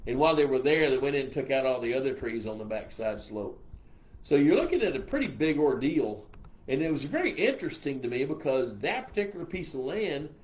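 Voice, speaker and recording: A man's voice: mid-range voice, very animated, a little fast, a little mellow. An older man with a Texas accent hosts a casual live stream, reading viewer comments and answering their questions in a folksy, rambling way. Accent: Texan.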